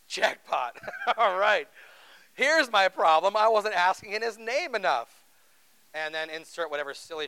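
A man's voice: a little high, sharp tone, clean tone, poor audio. A man preaching a sermon in an earnest, conversational way, asking the congregation rhetorical questions. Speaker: pastor.

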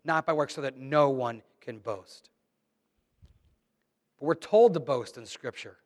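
A man's voice: mid-range voice, a little slow, a little mellow, big-room sound. A middle-aged man preaching a sermon in a church, reading scripture and speaking in an emphatic, conversational way. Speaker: pastor. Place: church sanctuary.

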